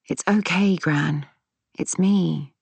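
A woman reading the part of a gentle, protective young granddaughter who speaks soothingly, in a storybook reading. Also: on the low side, lively intonation, slow, no echo, voice pushed up, heavily acted.

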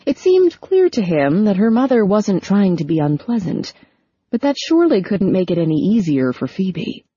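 A woman narrating a romance novel as an audiobook, steady and even, close on the mic. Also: mid-range voice, moderate pace, slightly rough, dry recording, dull audio. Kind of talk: scripted narration.

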